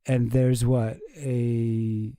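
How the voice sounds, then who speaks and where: A man's voice: medium pitch, little pitch movement, drawn-out words, mellow, smooth, dry recording. Chatty man reacting casually, dry sound. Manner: chatty, self-deprecating, laughs often. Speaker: streamer host. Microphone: close microphone.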